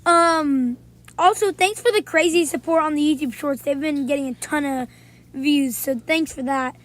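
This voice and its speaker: A woman talking casually in a vlog, telling playful stories with frequent pauses and "um"s. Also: sits high. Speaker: video creator.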